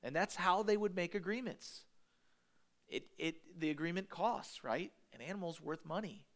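A male pastor preaching a sermon in an animated, conversational way, with emphatic asides to the congregation. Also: high voice, moderate pace.

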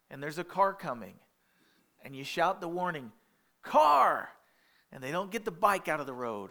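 A man's voice: high-pitched, sharp tone. A man preaching a sermon in a conversational way, acting out quotes and often restarting his words, with asides about parenting toddlers. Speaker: pastor.

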